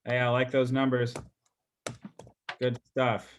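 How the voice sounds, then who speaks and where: A man's voice: medium pitch, completely flat delivery, takes it slowly, dull audio, a little hiss or hum. A man coaching real estate agents on a group video call, talking loosely with lots of fillers and repeated words.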